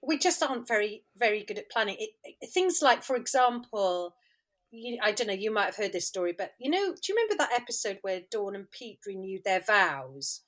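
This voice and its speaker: A woman's voice: mid-range voice, brisk. A middle-aged woman guest on a casual podcast, telling an anecdote with lots of laughter and acted-out quotes. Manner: animated storyteller, laughs often, acts out quotes. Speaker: guest, comedy writer and actor.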